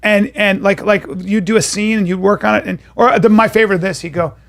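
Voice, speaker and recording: A man co-hosting a podcast, telling animated stories and swearing freely. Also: sits high, brisk, gravelly. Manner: animated storyteller, acts out quotes, swears freely. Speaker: podcast co-host. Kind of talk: casual chat, storytelling.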